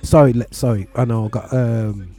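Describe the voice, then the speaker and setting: A man's voice: mid-range voice, fairly even intonation, normal speed, mellow. A man with a London accent hosting a talk show, chatting casually in slang and often stumbling over his words. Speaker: radio show host. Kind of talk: casual chat.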